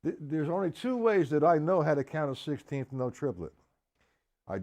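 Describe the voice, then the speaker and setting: A man's voice: a little high, animated, normal speed, faint music behind. A man teaching a live-streamed drum lesson, explaining patiently, calling viewers by name and counting beats aloud. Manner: counts loudly over his own drumming. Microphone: live stream setup. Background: drums playing.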